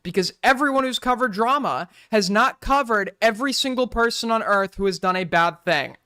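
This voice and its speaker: A man's voice: high voice, lively intonation, moderate pace, sharp tone, clear, resonant tone, no echo, clean studio sound. A man with a New York accent from Long Island, ranting profanely and sarcastically in casual livestream commentary. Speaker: streamer reacting to drama.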